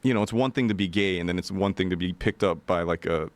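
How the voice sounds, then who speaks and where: A man's voice: low-pitched, fast talker, no echo. A man telling a wild hitchhiking story in a casual, profane way, acting out what people said. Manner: animated, profane, acts out quotes.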